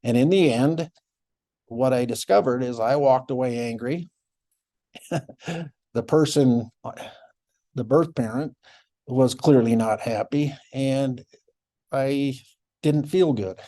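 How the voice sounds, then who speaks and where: Middle-aged male speaker, mellow, mid-pitched voice, reflective storyteller at a conference. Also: takes it slowly, pauses often. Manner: reflective, with frequent soft laughs and restarts. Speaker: former child welfare caseworker, symposium speaker.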